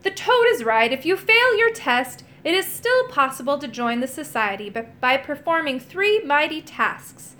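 A woman's voice: high-pitched, very animated, moderate pace, hardly any pauses, pushed and bright, a little hiss or hum, voice pushed up, heavily acted. A woman voicing a pompous, sneering male magician official who barks orders in a storybook reading. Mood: stern, commanding. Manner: haughty, barking orders.

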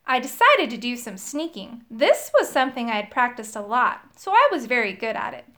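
High, lively woman reading a storybook. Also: fairly quick. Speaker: storybook reader. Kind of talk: children's story read aloud.

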